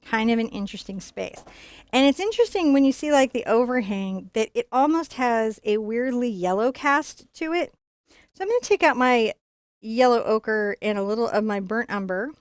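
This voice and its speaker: A woman's voice: on the high side, animated, normal speed, no echo, clean studio sound. A middle-aged woman teaching a live painting lesson, chatty and laughing, talking through each step as she works. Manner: chatty, laughing, thinking aloud while painting. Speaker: painting instructor.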